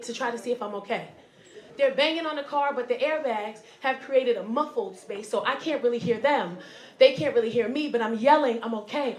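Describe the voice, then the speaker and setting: A woman stand-up comedian delivers a story into a handheld mic in a comedy club. Her voice sits high, and she tells it animatedly, acting out the other voices. The room around her echoes. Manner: animated, acts out voices and shouts.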